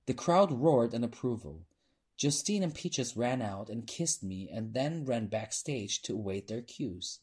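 A man narrates a novel at an even, measured pace. His voice sits low and carries a husky, slightly breathy grain. He shifts his voice to play the characters in the dialogue. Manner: measured storytelling, lifting voice for dialogue. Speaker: audiobook narrator.

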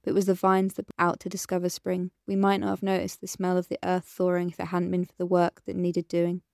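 Soft-spoken confiding woman, read by a woman narrator; smooth, even delivery, dry close sound. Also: on the low side, brisk, no room sound. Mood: wistful. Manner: soft and pleading. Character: tender woman confiding old memories. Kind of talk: audiobook character reading.

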